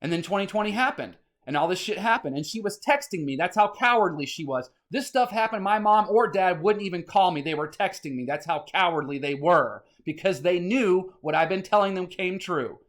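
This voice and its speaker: Male vlogger, high-ish voice, agitated rambling rant, salty language. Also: animated, fairly quick, few pauses. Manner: agitated, rambling, swears often. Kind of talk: casual ranting monologue.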